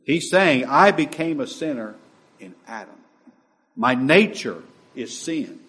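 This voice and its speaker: Guy preaching a sermon, all fired up then dropping quiet, voice jumps around a lot. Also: mid-range voice, expressive, takes it slowly. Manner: impassioned, swings between loud emphasis and near-hushed asides.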